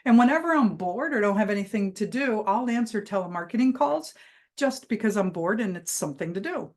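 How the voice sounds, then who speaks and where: A woman speaking as a motivational keynote speaker, carrying the audience through a personal anecdote. Her delivery is lively and emphatic, with a voice at an ordinary middle pitch for a woman. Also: brisk.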